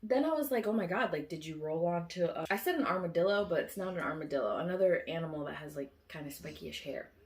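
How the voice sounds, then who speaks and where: A woman telling a long dream story in a casual, rambling way, full of fillers and restarts, who loudly acts out her own quoted lines. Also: lowish voice, lively intonation, fast talker, few pauses. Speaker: vlogger recounting a dream.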